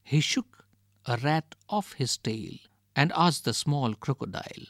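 A man reading a children's storybook aloud, page numbers included, in an expressive way. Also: measured pace, vocal fry, no room sound, clean studio sound. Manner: expressive, with swings in pitch and volume. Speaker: reader.

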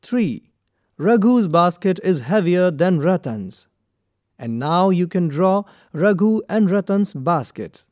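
Woman, textbook reader, slow careful delivery, dry sound. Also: on the low side, sing-song, darkish tone, no echo. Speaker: textbook narrator. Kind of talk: scripted children's textbook narration.

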